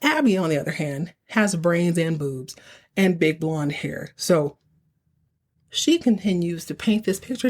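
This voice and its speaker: A woman hosting a podcast, casually recapping a TV episode in an animated, slangy way and acting out the characters. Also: lowish voice, a little slow. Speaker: podcast host.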